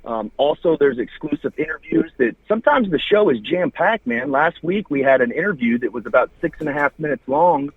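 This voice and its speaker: A wrestling TV host with a Southern US accent chats casually on a podcast, plugging his show and rattling off names and details. His fairly high voice is animated and brisk with few pauses, heard on a dry, husky, phone-like line.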